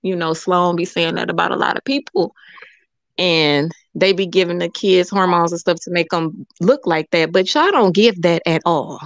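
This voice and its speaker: A woman hosting a call-in talk show, chatting casually, animated and rambling, laughing often. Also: on the low side, moderate pace, dry recording, lo-fi sound. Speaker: show host.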